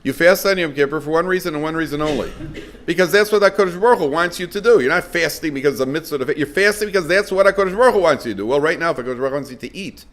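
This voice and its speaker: A middle-aged man, a rabbi lecturing a live audience, telling stories lively and acting out dialogue. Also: a little high, racing.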